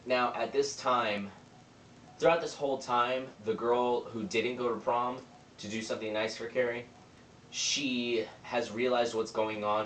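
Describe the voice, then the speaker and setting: This young movie reviewer has a lowish voice with a fairly bright tone, and he loosely retells a film's scenes, dropping into quoted dialogue. He's far from the microphone in a spacious room, with a faint ambient hum behind him.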